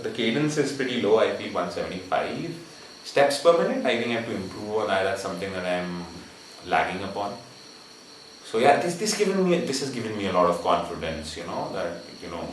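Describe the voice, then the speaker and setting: A deep-voiced man talks through his running in a loose, rambling vlog style, often restarting his sentences. He sounds set back from the mic, with a strong echo around him outdoors. Faint insect noise hums behind his voice. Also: distant mic. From India. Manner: relaxed, rambling with many restarts and fillers. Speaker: running vlogger. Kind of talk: casual vlog talk.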